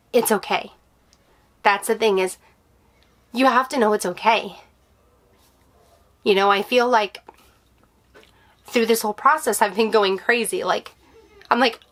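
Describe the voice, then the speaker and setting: A woman sharing a personal update in a vlog, candid and emotional, with many fillers and restarts, reassuring her viewers. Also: mid-range voice. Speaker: vlogger, stay-at-home mom.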